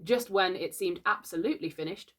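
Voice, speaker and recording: A woman reading a classic children's book aloud in a gentle, unhurried storytelling voice. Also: lowish voice.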